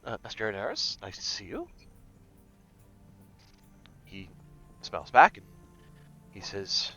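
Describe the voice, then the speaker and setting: A man's voice: fairly low pitch, wildly swooping pitch, takes it slowly, long pauses, fairly bright tone, faint music behind. A man narrating a tabletop game as game master, rambling with many fillers. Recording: dull lo-fi recording.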